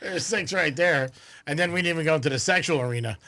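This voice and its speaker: A man's voice: a little high, fast, pushed and bright, no echo. A man hosting a radio talk show, chatting loosely with many fillers and frequent laughs, then talking sports.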